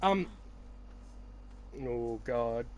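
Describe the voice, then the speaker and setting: A man's voice: mid-range voice, lively intonation, drawn-out words, a little mellow. A young Australian man hosting a podcast, chatting casually with friends in a rambling, teasing way full of swearing. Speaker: podcast host. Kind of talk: casual chat.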